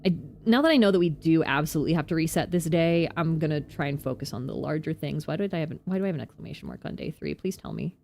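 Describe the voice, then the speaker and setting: A woman vtuber giving casual gameplay commentary, chatty and self-mocking, with quick asides. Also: low voice, animated, vocal fry, a little mellow, slight background noise. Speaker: vtuber streamer.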